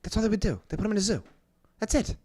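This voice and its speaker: A man's voice: sing-song, racing, darkish tone, slightly rough. A man co-hosting a podcast in casual chat, joking and swearing as he talks. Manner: joking, swearing, bouncing between high and low. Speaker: podcast co-host.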